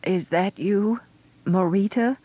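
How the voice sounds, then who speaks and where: A man voicing a flustered, fretful woman dragonrider who pleads in a quavering, high voice. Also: animated, normal speed. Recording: dull lo-fi audio.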